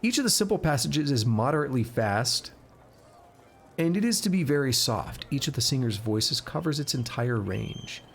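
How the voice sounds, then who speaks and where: A man's voice: mid-range voice, animated, normal speed, a little hiss or hum. A man streaming a game live, chatting casually and reading in-game text aloud, stumbling over words and correcting himself.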